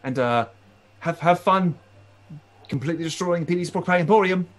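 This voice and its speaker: Using a voice a little high and close to everyday speech, though pitched above his own, a man plays a cheerful female shopkeeper in a tabletop game. He talks at normal speed.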